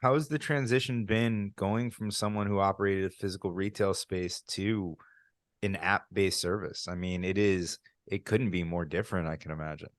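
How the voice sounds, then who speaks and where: Deep-voiced man hosting a chatty interview. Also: fairly even intonation, moderate pace, dry recording, studio quality. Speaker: podcast host. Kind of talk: casual interview conversation. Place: home office.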